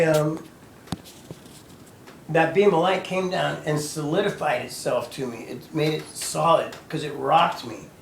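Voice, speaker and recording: A man in his fifties telling his own story as personal testimony, halting and sporadic, with many restarts. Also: medium pitch, gravelly, slight background noise. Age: 50s. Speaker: storyteller recounting his own near-death experience. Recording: echoey room, voice heard from a distance.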